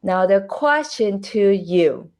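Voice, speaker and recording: A woman in her forties who speaks English with a non-native accent. She is a podcast host giving an inspirational faith-based talk online, and her delivery is deliberate and emphatic. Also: mid-range voice, expressive, a little mellow.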